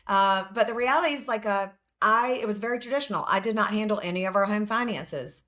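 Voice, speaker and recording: A woman's voice: mid-range voice, fast, pushed and bright. A middle-aged woman, a family law attorney and author, speaking frankly as a guest in a casual interview and telling stories plainly.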